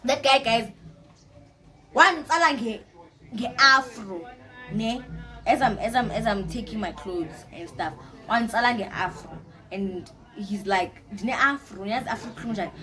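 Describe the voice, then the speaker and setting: A young woman, telling a personal story to camera in a casual, animated way, often repeating herself. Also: fairly high pitch, takes it slowly. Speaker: storytime vlogger.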